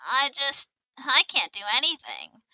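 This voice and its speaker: A woman's voice: high-pitched, wildly swooping pitch, measured pace, sharp tone, dry recording, pitched above the performer's own voice, heavily acted, low-quality recording. A woman voicing a frail, lonely young male bird who talks in a gloomy, self-doubting way. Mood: glum.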